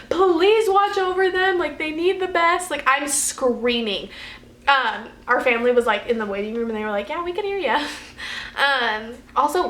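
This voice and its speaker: High-voiced chatty young woman vlogger. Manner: chatty, animated, many fillers and laughs. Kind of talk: casual storytelling. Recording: echoey room.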